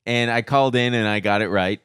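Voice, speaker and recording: Man, podcast co-host, casual storyteller, smooth resonant voice, dry close mic. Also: mid-range voice, brisk, dry recording. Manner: animated storytelling, mimics voices. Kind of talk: casual chat.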